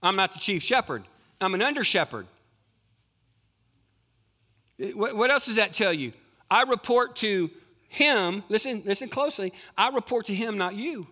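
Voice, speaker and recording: A man's voice: sits high, lively intonation, normal speed, pushed and bright. A middle-aged man preaching a sermon as lead pastor, conversational and full of rhetorical questions to the congregation.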